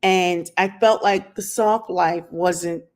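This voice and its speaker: Out in the sunlight, a channel host delivers a casual opinion monologue to camera, peppering viewers with rhetorical questions. Her voice is on the low side, steady and darkish, and she takes it slowly.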